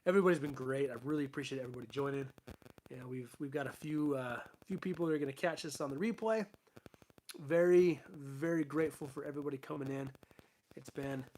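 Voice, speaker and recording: A young man casually chatting on a late-night live stream from his fish room at home, rambling with lots of fillers and restarts, his voice starting to go hoarse. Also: medium pitch. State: losing his voice. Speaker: aquarium channel host.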